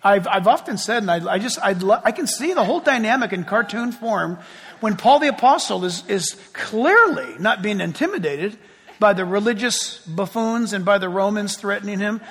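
A man, a pastor, preaching a sermon in a church, talking in a lively, conversational way with asides. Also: high-pitched, moderate pace, husky. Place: church sanctuary before a congregation. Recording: long reverb of a large hall.

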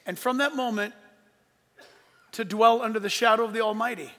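An older man in his sixties preaches in a rather high voice, telling his story earnestly. He drops to a hush and then rises to emphatic peaks. A long reverb from the hall trails behind every phrase. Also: moderate pace. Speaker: pastor. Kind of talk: sermon.

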